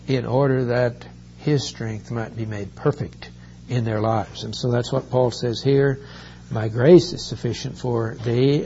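A man preaching a sermon, reading Bible verses and explaining them earnestly, often drawing out key words slowly. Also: mid-range voice, dark tone. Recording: dull recording with faint hum.

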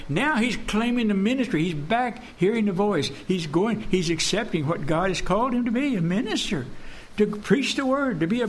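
A man preaching an earnest sermon, repeating phrases and dropping to a hush to stress a point. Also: high-pitched. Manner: earnest, repetitive, drops to a hush for emphasis.

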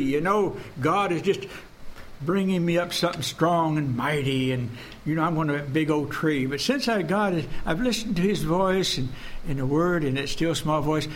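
A man preaching an earnest sermon, repeating phrases and dropping to a hush to stress a point. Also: on the high side, slight background noise. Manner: earnest, repetitive, drops to a hush for emphasis.

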